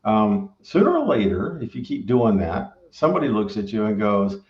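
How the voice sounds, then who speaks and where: A man's voice: lowish voice, very animated, normal speed, a little mellow. A middle-aged man, a restaurant owner, telling his story in casual, rambling conversation full of tag questions. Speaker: barbecue restaurant owner and former engineer. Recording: roomy, dull recording.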